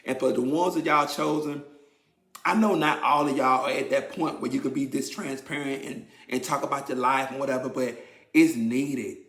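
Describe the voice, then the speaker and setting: A man talking candidly to his viewers about a personal struggle, emotional and shifting from quiet to animated. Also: medium pitch, normal speed. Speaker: vlogger sharing his testimony. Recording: roomy echo.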